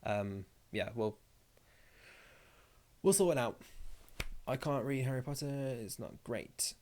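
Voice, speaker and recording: A man's voice: medium pitch, takes it slowly, a little mellow. A young man hosting a casual live stream. He reads viewer comments aloud and rambles through his replies with jokey asides.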